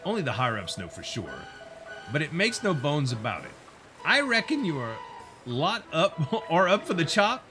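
A man's voice: on the high side, sing-song, moderate pace, music in the background. A man voicing a mocking skeleton pirate crewman who taunts a captive. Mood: menacing.

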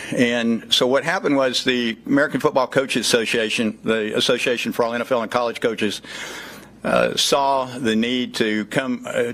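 A man's voice: mid-range voice, fairly bright tone. Texas guy in his fifties, southern drawl, folksy press conference talk with lots of uhs. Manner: folksy, frequent "uh" fillers. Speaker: child safety program speaker.

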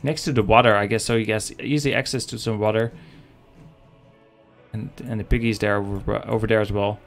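A man's voice: fairly low pitch, steady tone, fairly quick, gravelly, soft background music. Joking, chatty male game caster. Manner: joking, chatty, talks to the chat. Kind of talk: live esports commentary.

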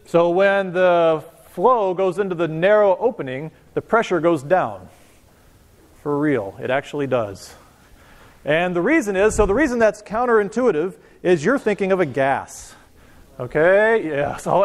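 High-voiced joking male physics professor. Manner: casual, joking, talks to students directly. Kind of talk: university lecture. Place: lecture hall. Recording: long reverb of a lecture hall.

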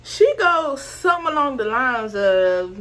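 A woman, telling a casual, animated storytime full of swearing and laughter. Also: sits high, a little slow. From Georgia, US. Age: 20s. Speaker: vlogger.

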